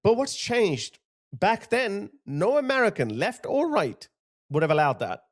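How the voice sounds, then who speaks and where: A man's voice: high voice, sing-song, measured pace. A man giving impassioned video commentary, emphatic and indignant, driving his points home by repeating phrases. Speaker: political commentator.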